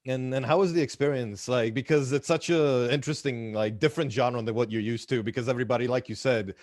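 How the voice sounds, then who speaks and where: A man's voice: mid-range voice, steady tone, fast, darkish tone, no room sound, studio quality. A man hosting a podcast, asking long, winding questions in a casual interview. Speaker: podcast host.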